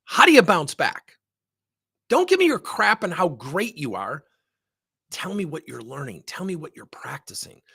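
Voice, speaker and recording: A man's voice: on the high side, normal speed, gravelly, breathy edge, no room sound, clean studio sound. A middle-aged man as a sales trainer, telling blunt, emphatic stories in a workshop webinar. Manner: animated, blunt, emphatic storyteller.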